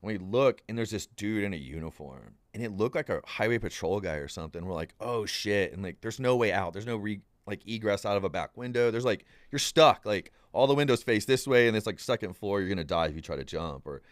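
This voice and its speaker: In a fairly low voice and at a quick pace with hardly any pauses, a young male podcast guest spins a rambling, animated story. He imitates the people he quotes and says "dude" often, and the recording has no echo.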